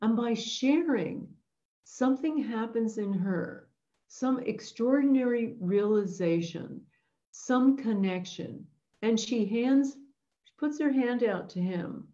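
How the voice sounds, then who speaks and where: A woman's voice: a little high, lively intonation, takes it slowly, dark tone, dull audio. A woman hosting an intention webinar, telling a story in an earnest, reflective way. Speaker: host leading an intention webinar.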